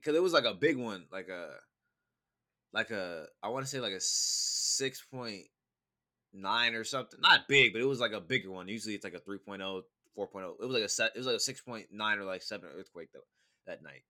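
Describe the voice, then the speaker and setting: A young man with a bright, cutting voice chats casually with his brother. He rambles through stories with plenty of "like" and cursing. He sounds easygoing and unscripted. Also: fairly low pitch, lively intonation, a little fast. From California. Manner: laid-back, profane storytelling with many fillers. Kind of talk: casual chat.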